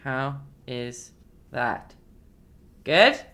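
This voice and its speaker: A woman leads a live-streamed painting lesson, chatty and encouraging, humming as she works. Her voice is rumbling low yet fairly bright, expressive, with drawn-out words.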